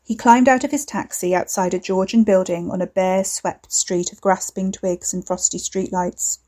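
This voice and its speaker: A woman reading a story aloud in measured, wry scripted narration. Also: mid-range voice, fairly even intonation, warm tone.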